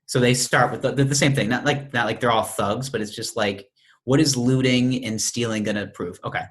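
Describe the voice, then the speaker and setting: A man's voice: medium pitch, fairly even intonation, brisk, fairly bright tone. A young man co-hosting a casual podcast, laid-back and opinionated, who swears freely. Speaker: podcast co-host.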